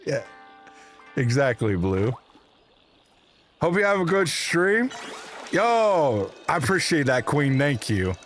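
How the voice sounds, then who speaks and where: A man hosting a live gaming stream, chatting casually with viewers and laughing at himself in a playful, animated way. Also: a little high, slow, pauses often, faint music behind. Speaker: livestream host. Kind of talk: casual chat while gaming.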